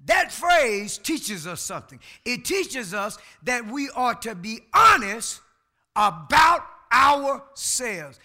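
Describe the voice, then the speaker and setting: Preacher, male, very high bright voice, slow and deliberate, swings between shouts and quiet asides. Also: very animated. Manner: emphatic preaching, shouting on key words, talking back to the congregation; colloquial, folksy asides. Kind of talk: sermon.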